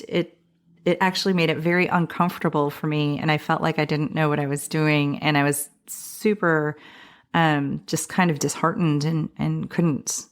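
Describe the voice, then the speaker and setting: Woman, podcast host, low voice, chatty, rambling stories. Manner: chatty, laughs while recalling, many restarts. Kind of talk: conversational podcast interview.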